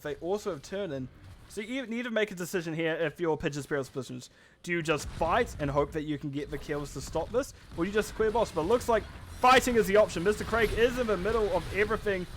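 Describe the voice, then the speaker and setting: A man casting a live esports match with quick, chatty play-by-play commentary, often correcting himself mid-sentence. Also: high voice, animated, a bit bright, slight background noise. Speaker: esports caster.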